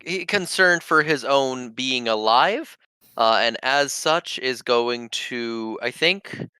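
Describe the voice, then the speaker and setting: A man's voice: mid-range voice, expressive, slow, sharp tone, clear, resonant tone, no room sound. A man playing a tabletop game, thinking aloud through his character's movement with fillers. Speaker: player. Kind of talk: describing his character's moves.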